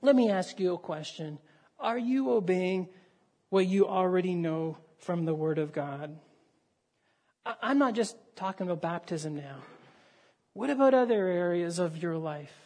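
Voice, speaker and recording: A man's voice: high voice, lively intonation, unhurried, darkish tone. A male pastor delivering a sermon, telling a story with acted dialogue and raising his voice for emphasis.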